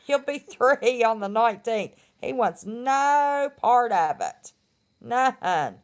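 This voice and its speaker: A woman's voice: a little high, lively intonation, takes it slowly. A middle-aged woman, chatting casually and bluntly on her live stream and laughing often. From West Virginia.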